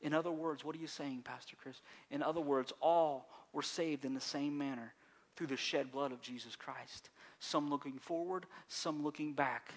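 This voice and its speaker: A man preaches a Sunday sermon with a slightly high voice. He talks conversationally, repeating phrases and restarting sentences. His delivery swings between hushed, gentle stretches and raised, pleading emphasis. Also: fairly even intonation, moderate pace. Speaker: pastor. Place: church service.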